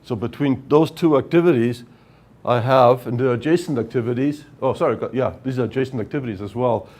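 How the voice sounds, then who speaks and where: A man's voice: medium pitch, a little fast, darkish tone. A man giving a workshop lecture on project management, explaining step by step and often checking with "right?". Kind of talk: technical lecture at whiteboard.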